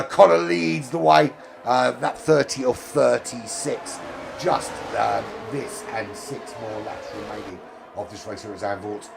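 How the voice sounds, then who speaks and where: Over a music bed, a gravelly, medium-pitched man commentates an online sim race in a chatty style full of fillers, getting excited whenever someone overtakes.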